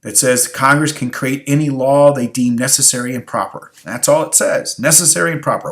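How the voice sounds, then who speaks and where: A man's voice: mid-range voice, a little fast, hardly any pauses, fairly bright tone. A tired male history teacher giving a review lecture, asking rhetorical questions and repeating key phrases. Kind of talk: recorded exam review lecture.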